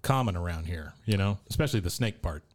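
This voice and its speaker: A man's voice: low-pitched, animated, quick pace. A man co-hosting a podcast, chatting casually as he retells a cartoon episode scene by scene and quoting its lines. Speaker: podcast co-host.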